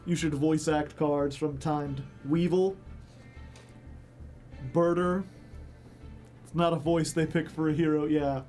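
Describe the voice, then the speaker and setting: Laid-back streamer rambling about a card game, slow talker, faint music behind. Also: medium pitch, fairly even intonation, a little mellow. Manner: jokey, rambling, laughs often. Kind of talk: casual gameplay commentary.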